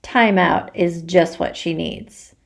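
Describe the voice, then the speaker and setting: A woman's voice: on the low side, takes it slowly, vocal fry. A woman reading aloud voices a stern mother who scolds firmly. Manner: firm, scolding.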